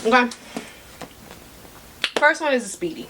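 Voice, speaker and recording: A woman's voice: a little high, animated, a little slow, sharp tone, slight background noise. A woman vlogging about handbags in a sassy, chatty way, talking straight to her viewers while she eats. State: eating while talking, mouth sometimes full. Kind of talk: casual chat to camera.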